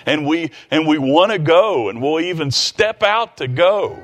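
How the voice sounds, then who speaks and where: A man preaching a sermon in a conversational way, retelling a scripture story with quick asides and restarts. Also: on the high side, lively intonation.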